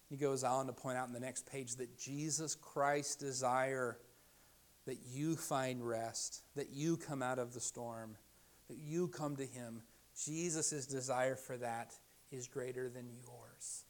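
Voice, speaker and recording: A middle-aged man preaching a sermon, with a voice pitched in the middle for a man. He sinks into near-whispered softness for tender invitations, then climbs loud and urgent when pressing a point. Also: fairly even intonation, a little slow. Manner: dynamic, drops to hushed softness for quoted invitations and rises loud when emphatic. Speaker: pastor.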